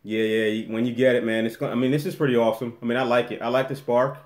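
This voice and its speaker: A man's voice: medium pitch, little pitch movement, very fast. A man chats loosely through a live stream at home, trailing off and circling back as he answers questions from the chat. His voice sits in a mid range and bounces around a bare, echoey room. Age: adult with a daughter. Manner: rambling, restarts often, reads chat aloud. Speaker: vlogger hosting a live Q&A.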